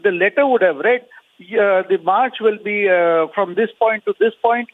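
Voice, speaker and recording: A man debates combatively over a tinny, phone-like connection, his voice fairly high. He pushes rhetorical questions again and again, dotting his speech with uh and um. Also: measured pace. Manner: argumentative, rhetorical questions, many fillers. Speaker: opposition party leader. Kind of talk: remote debate panelist. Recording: phone-like remote line.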